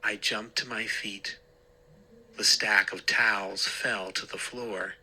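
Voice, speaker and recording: A man narrating a scary story in a measured, deliberate way. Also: on the low side, steady tone, pushed and bright, slightly rough, rough recording.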